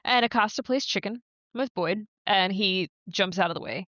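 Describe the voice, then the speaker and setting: A woman co-hosting a casual show recap, swearing freely and acting out characters in quick asides. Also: mid-range voice, fairly bright tone, no echo. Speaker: podcast co-host. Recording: dull lo-fi sound.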